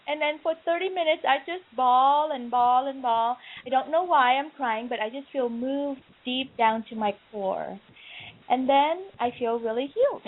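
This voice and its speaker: Bubbly high-voiced woman on a tinny line. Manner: bubbly, laughs often, effusive. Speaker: podcast host. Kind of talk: casual chat. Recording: tinny phone-like call audio.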